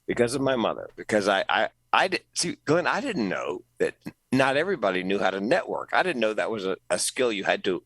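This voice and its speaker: A middle-aged man, a comedian, telling an animated story as a podcast guest, jumping up in pitch when he quotes people. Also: a little fast, dry recording, low-quality recording. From North Carolina, US. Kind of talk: storytelling interview.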